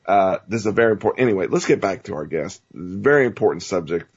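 Male talk host, heated rant, husky voice, muffled lo-fi sound. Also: low voice, animated, quick pace, a little mellow. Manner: ranting, repetitive, stammering restarts.

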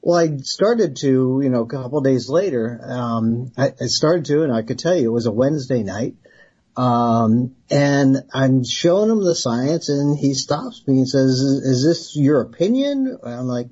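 A man's voice: medium pitch, measured pace, breathy edge, muffled recording. A middle-aged man, a retired Army researcher, telling a long story in an interview and acting out the dialogue, laughing now and then. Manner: animated storyteller who acts out quoted dialogue and laughs.

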